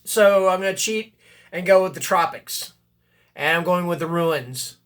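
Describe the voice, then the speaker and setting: A man's voice: sits high, a little slow, a bit bright. A man chatting casually about books, rambling and correcting himself, with bursts of enthusiasm and blurbs read aloud. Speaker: booktuber. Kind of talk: casual book chat and reading blurbs aloud.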